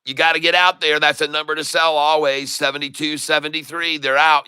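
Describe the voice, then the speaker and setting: Bright, crisp-voiced stock trading streamer. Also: male voice, fairly high pitch, brisk, dry recording. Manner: excitable, repeats sell calls to viewers; jokey, mixes in broken Spanish. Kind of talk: live trading commentary.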